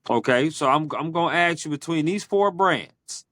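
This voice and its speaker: A man hosting a podcast, asking quick either-or questions in a playful, teasing way. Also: on the high side, animated, a bit bright, no room sound, studio quality. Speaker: podcast host. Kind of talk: casual interview chat.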